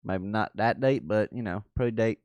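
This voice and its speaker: A man's voice: lowish voice, moderate pace, a little mellow, dry recording, lo-fi sound. A man from the American South hosting a casual livestream, joking and laughing often. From Southern United States. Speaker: livestream host.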